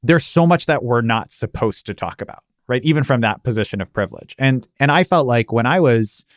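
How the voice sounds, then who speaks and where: A man's voice: mid-range voice, lively intonation, dry recording. Chatty man host, dry close sound. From United States. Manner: chatty, self-deprecating, halting restarts. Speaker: podcast host. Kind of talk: conversational podcast interview.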